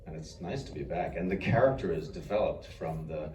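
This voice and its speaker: A very deep-voiced man rambles through a story on a convention panel, self-deprecating and chuckling as he goes. He sounds echoey and distant, as if heard from the back of a large hall. Steady background noise runs under his voice. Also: a little fast. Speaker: voice actor panelist. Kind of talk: anecdotal panel talk.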